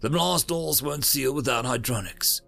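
A man voicing a hurried chief engineer who rattles off damage reports. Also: a little high, very animated, gravelly, a bit bright, soft background music, voice pushed up, exaggerated voice. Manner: rapid.

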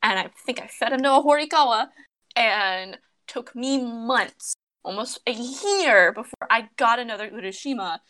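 Bright-voiced woman ranting animatedly. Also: fairly high pitch, moderate pace. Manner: animated, exasperated ranting with swearing. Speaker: podcast co-host. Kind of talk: casual chat among friends about a mobile game.

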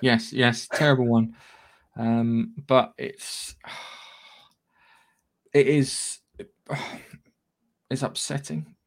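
A man's voice: mid-range voice, steady tone, extremely slow, pauses often. A man co-hosting a casual gaming news podcast, chatty and rambling, with casual swearing. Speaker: podcast co-host.

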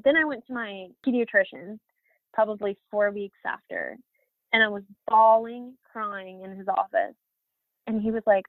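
A woman's voice: medium pitch, steady tone, normal speed, no room sound. A woman in her thirties telling her personal story as an interview guest, candid, with many fillers and restarts. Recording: dry, phone-like audio.

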